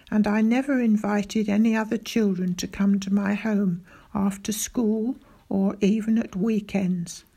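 Slow, gravelly woman reading a story. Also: medium pitch, mellow. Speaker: audiobook narrator. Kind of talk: scripted storybook narration as a boy.

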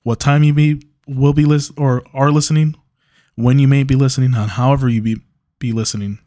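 A man's voice: mid-range voice, steady tone, fairly quick, mellow. A man in his mid-thirties hosting a solo podcast, telling stories in a rambling, joking way with frequent restarts and cursing. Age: 30s. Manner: rambling, laughing storyteller with restarts and profanity. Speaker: podcast host. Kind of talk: casual solo monologue.

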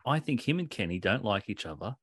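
A man co-hosting a podcast in casual chat, animated, swearing and laughing often. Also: fairly low pitch, a little fast, breathy edge, no echo, studio quality. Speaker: podcast co-host.

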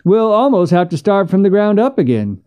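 A man's voice: sits high, sing-song, normal speed, mellow, clean tone, voice pushed up. A man doing a stammering frontier townsman. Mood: hesitant. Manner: stammering, hesitant.

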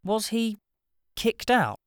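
A man's voice: high voice, big pitch swings, takes it slowly, dry recording, clean studio sound, pitched above the performer's own voice, full character voice. A narrator voicing George, an awkward, polite young man who stammers when flustered, in an audiobook.

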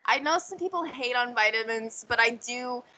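Bright-voiced chatty young woman. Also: fairly high pitch, normal speed, low-quality recording. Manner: chatty, animated, lots of fillers. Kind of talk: casual chat.

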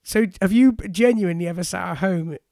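Brief: young British podcast host, high and animated, dry close mic. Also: male voice, a little fast, creaky, no echo. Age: 20s. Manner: lively, inquisitive, laughs often. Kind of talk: casual chat.

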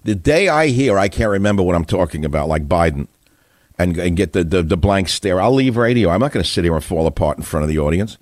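An older man hosting a talk radio show, ranting combatively about politics and telling stories, with his voice often jumping up high. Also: animated, quick pace, darkish tone, no room sound. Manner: combative, ranting, storytelling with sudden rises in pitch.

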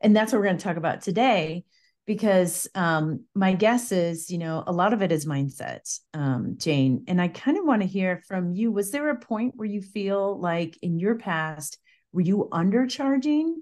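A woman's voice: mid-range voice, animated, normal speed, a little mellow. A woman hosting an interview podcast, upbeat and chatty, reading out her guest's bio. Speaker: podcast host. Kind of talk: casual interview chat.

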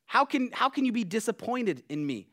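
A man voicing a hurt, indignant Peter who loudly protests in a raised voice. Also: sing-song, normal speed. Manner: high, loud, protesting. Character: indignant, hurt adult male disciple Peter.

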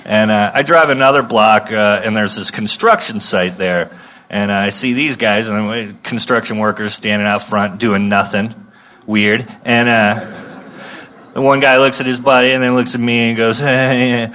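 A man in his thirties doing a stand-up routine, swearing freely and rambling through a story, bursting into shouts now and then. His voice sits fairly low but has a bright, forceful edge. Faint noise runs behind him. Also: fairly even intonation, moderate pace. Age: 30s. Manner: profane, rambling storytelling with sudden shouted outbursts. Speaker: stand-up comedian.

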